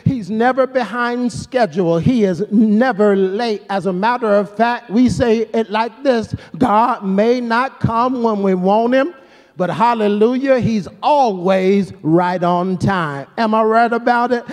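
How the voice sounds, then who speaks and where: Pastor: man, very high voice, rhythmic preaching cadence, long hall reverb. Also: measured pace. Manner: rhythmic preaching cadence with call-and-response phrases. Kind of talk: sermon.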